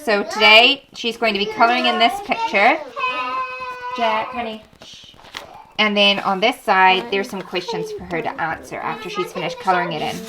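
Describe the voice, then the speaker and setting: A woman talks through a casual home vlog at an everyday middle pitch. She is chatty and self-deprecating and laughs often. Steady household noise sits clearly behind her voice. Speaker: homeschooling mother and vlogger. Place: busy family home. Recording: noisy home background.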